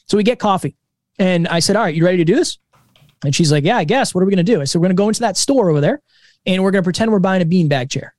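A man in his twenties, a podcast co-host, telling stories in a casual, energetic interview. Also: high voice, quick pace, dry recording. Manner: energetic, animated storytelling.

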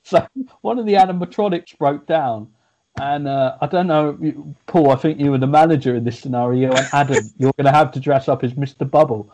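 A man's voice: on the high side, a little fast, warm tone. Chatty man rambling. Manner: rambling storytelling with restarts. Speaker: podcast co-host. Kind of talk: casual chat.

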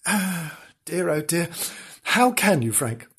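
A husky woman reads a children's tale with a dry, sardonic running commentary. Her voice sits fairly low but swings widely in pitch. She sounds exasperated by her own characters. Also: sing-song, takes it slowly, a bit bright. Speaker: storyteller. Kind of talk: comic storybook reading with asides.

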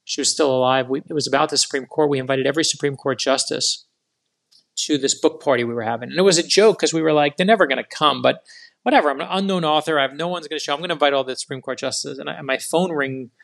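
A middle-aged man, a guest author, telling rambling, animated anecdotes in a casual interview. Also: fairly high pitch, fast, vocal fry.

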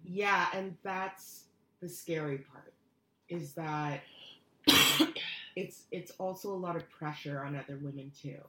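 A woman's voice: sits low, slow, long pauses, roomy sound, noisy background. A woman co-hosting a podcast in casual chat, hesitant and full of fillers. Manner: hesitant, many fillers and restarts. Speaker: podcast co-host.

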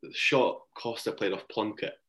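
A young man with a very deep voice chats as a podcast guest, recounting stories in an easy, rambling way. He laughs often as he talks. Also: normal speed, a bit bright. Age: young adult. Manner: chatty, laughs while telling anecdotes. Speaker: guest, cricket player. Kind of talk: casual interview storytelling.

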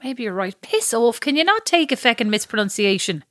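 A woman's voice: fairly high pitch, sing-song, brisk, a bit bright, dry recording, studio quality. A woman co-hosting a podcast in casual chat, who rambles and laughs at her own jokes. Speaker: podcast co-host.

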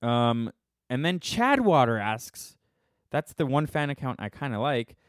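A man's voice: mid-range voice, sing-song, measured pace, no echo, clean studio sound. A man in his thirties hosting a podcast live stream from his phone, rambling casually in a joking, sarcastic, self-mocking way with many restarts.

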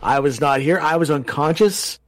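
Dry-witted male co-host from Canada, higher voice, dry room. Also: normal speed, no echo. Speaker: podcast co-host. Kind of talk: casual live podcast chat.

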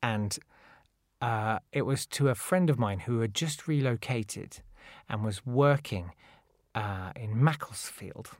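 A man's voice: medium pitch, slow pace, no room sound, clean studio sound. A man, a guest in a casual chat, telling stories in a wry, jokey way.

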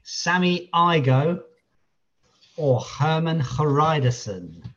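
A man's voice: fairly high pitch, big pitch swings, drawn-out words, a bit bright, dull audio. A man co-hosting a podcast quiz, teasing his friend in a dry manner during casual banter. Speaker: podcast co-host.

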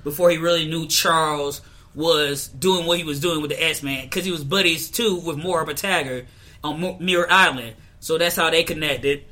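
A man with a bright, fairly high voice chatting casually on a podcast. He explains comic-book lore at length with clear enthusiasm, piling on names and details. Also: fairly even intonation, normal speed. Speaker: podcast co-host.

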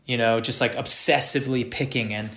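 A man who is a guest actor, talking casually and halting often as he searches for words. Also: mid-range voice, fairly even intonation, fairly bright tone. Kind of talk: casual conversation. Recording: roomy echo.

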